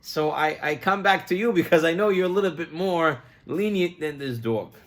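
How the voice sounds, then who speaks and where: A man's voice: on the high side, normal speed, fairly bright tone, natural voice. A rabbi voicing a simple male farmer in a story, plain-spoken and apologetic. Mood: sheepish.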